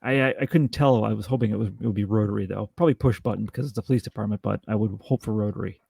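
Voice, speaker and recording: A man co-hosting a podcast, chatting casually about a movie with halting restarts and dry jokes. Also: on the low side, gravelly, darkish tone, husky, no echo. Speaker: podcast co-host. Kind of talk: casual film review chat.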